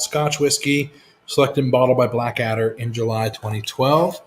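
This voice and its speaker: A man's voice: medium pitch, steady tone, moderate pace. A man hosting a casual live whisky chat, laid-back and swearing freely as he tells stories. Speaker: whisky show host.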